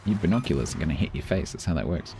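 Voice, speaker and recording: A man's voice: extremely low pitch, sing-song, rapid-fire, vocal fry, background noise. A man chatting casually while streaming a naval battle game, playful and self-mocking as he jokes with his viewers. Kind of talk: casual gaming stream commentary.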